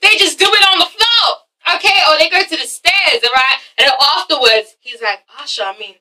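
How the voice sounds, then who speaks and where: A woman's voice: very high-pitched, moderate pace, bright, forceful tone, recorded from a distance, low-quality recording. A woman reviewing a TV drama in a casual vlog, emphatic and profane, who keeps checking in with "okay?". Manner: emphatic, swears often, keeps asking "okay?". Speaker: TV show reviewer.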